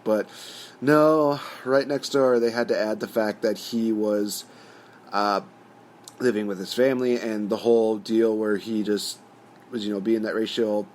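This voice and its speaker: On his own channel, a man with a low, darkish voice delivers a casual, rambling opinion rant stuffed with "you know." There's slight background noise in the recording.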